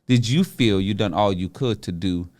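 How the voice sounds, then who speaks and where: A man hosting a podcast interview, chatty and animated, calling out encouragement to his guest. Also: lowish voice, normal speed. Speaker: podcast host. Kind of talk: casual interview.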